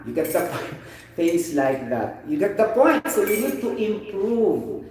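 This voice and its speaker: A Filipino man with a Filipino accent teaching an English vocabulary lesson, animated and often asking "you get the point?". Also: high voice, unhurried, a little hiss or hum. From Philippines. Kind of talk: informal online vocabulary lesson. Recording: very echoey room, voice distant from the mic.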